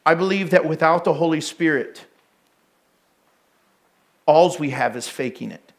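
Candid pastor, fairly high voice. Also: male voice, measured pace. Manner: candid, self-deprecating storytelling with laughter. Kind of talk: sermon.

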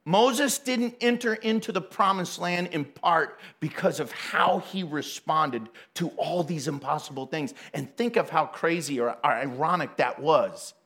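Preaching a casual sermon, a man with a notably high voice keeps things relaxed and conversational. He laughs often and acts out the people in his story with quick little voices.

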